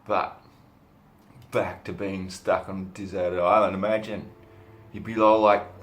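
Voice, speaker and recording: An Australian man giving a crude, rambling comic monologue to camera, swearing freely with deadpan humor. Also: sits low, unhurried, pauses often. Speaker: vlogger.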